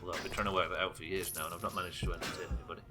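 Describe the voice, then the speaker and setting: A man's voice: sits low, little pitch movement, very fast. Sweary man streaming a game. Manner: sweary, joking, self-deprecating. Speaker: gaming streamer. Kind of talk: live gameplay commentary and chat. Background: game music and sounds.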